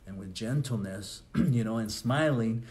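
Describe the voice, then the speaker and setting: A man's voice: lowish voice, measured pace, a little mellow. A man, a pastor, preaching a conversational sermon with rhetorical questions and asides.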